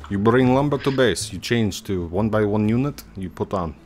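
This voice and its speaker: A man's voice: fairly low pitch, lively intonation, normal speed, a little mellow. A man hosting a gaming video, joking, laughing often and explaining each step as he plays. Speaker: gaming channel host. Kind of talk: casual gameplay chat.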